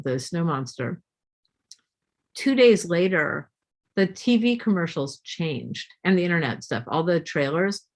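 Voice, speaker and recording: A middle-aged woman guest speaker telling a story to an audience, lively and asking them questions along the way. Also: lowish voice.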